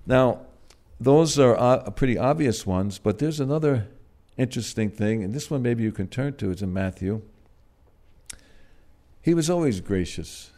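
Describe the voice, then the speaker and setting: A man preaching a sermon in a gentle, halting way, pausing often and swelling loud on key words before dropping soft again. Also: mid-range voice, animated. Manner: gentle, halting, with frequent "uh" and restarts.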